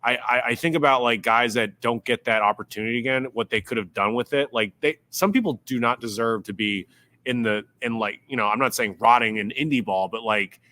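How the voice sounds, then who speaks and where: A man's voice: mid-range voice, fairly quick, pushed and bright. A young man, a former pro ballplayer, telling stories on a podcast with a lot of restarts and repeated words. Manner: rambling, repeats words and restarts, acts out quotes. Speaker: podcast guest, former pro baseball player. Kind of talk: casual storytelling in a podcast interview.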